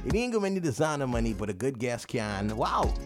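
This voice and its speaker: A man's voice: mid-range voice, sing-song, fairly quick, over music. A man hosting a radio call-in contest, playful and teasing, repeating callers' answers and hyping the show. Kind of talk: lively radio call-in banter.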